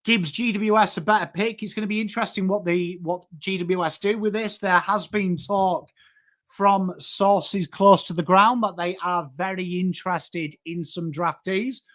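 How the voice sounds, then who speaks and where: Chatty English host with a Yorkshire accent, fairly high voice, laddish and informal. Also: male voice, fairly even intonation, normal speed, a bit bright. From England. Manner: chatty and matey, greets chat by name, swears. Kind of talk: live-stream sports chat.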